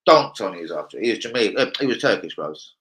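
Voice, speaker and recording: A young man hosting a casual live football chat, brash and jokey, swearing a lot and swinging between loud outbursts and low muttering. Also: animated, fast talker, rough recording. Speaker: livestream host.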